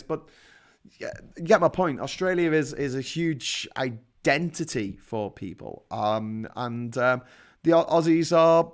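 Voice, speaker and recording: A man with a Liverpool accent, hosting a casual monologue, rambling through stories with restarts and mild swearing. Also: mid-range voice. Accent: Liverpool English. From England. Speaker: host.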